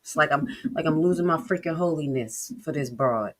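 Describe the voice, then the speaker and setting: A woman streamer with reacts in heated, sarcastic bursts. She curses freely and drops from loud outbursts to low mutters. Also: fairly quick. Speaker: live-stream commentator. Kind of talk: profane reaction commentary.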